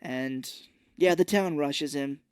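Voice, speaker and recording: Recapping a film on a podcast he co-hosts, a man chats casually and animatedly acts out scenes along the way. He speaks slowly in a smooth, fairly high voice, recorded at studio quality without echo.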